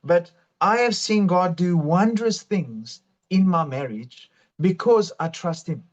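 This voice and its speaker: A man shares his testimony with fervent earnestness. His voice sits high for a man, and the recording sounds dull and lo-fi. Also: takes it slowly. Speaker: guest sharing testimony. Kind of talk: emotional faith testimony.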